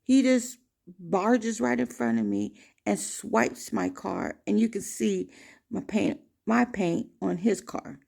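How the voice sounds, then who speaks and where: A woman vlogger telling a personal story to camera in an emphatic, animated way. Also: mid-range voice, takes it slowly. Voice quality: gravelly.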